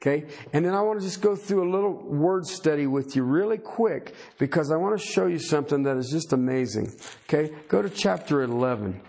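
A man preaches a sermon in a gravelly, animated voice at a fairly quick pace. His voice climbs loud and high whenever he reads scripture, and he keeps putting questions to his listeners.

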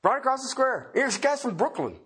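A man preaching a sermon in a folksy way, swinging from loud emphatic points to quiet chuckling asides. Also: very high-pitched, very animated, brisk, husky.

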